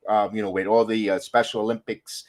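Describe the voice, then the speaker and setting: Deep-voiced man rambling on a podcast. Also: level tone, brisk, darkish tone. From Southern United States. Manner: rambling, tells backstory with quoted voices. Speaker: podcast co-host. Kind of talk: casual podcast chat.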